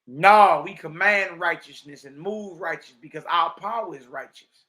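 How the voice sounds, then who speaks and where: Male Bible teacher, high-pitched, emphatic street-style preacher reading texts aloud. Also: normal speed, pushed and bright. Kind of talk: livestreamed religious teaching.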